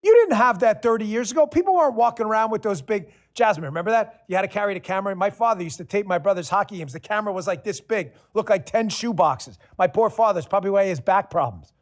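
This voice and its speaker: A man's voice: sits high, expressive, fast talker, few pauses. A man hosting a political talk show, delivering a sarcastic, combative monologue and swearing freely. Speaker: show host.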